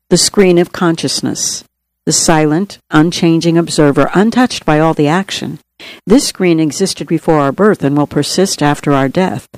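A spiritual teacher reading a reflective article aloud in a calm, measured way. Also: medium pitch, no echo, poor audio.

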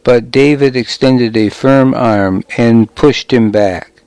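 A man reading a first-person story aloud in a measured, dramatic way. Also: mid-range voice, darkish tone, clean tone, no room sound, poor audio. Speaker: audiobook narrator.

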